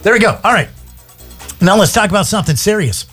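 A man's voice: high-pitched, expressive, fast talker, a bit bright, slightly rough, faint music behind. A man hosting a small-town radio show, chatting in a rambling, casual way full of fillers.

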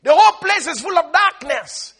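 A preacher playing a frightened, troubled Holy Spirit who calls out anxiously to heaven. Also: male voice, very high voice, animated, moderate pace, fairly bright tone, voice pushed up. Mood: terrified. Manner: anxious, pleading outcry.

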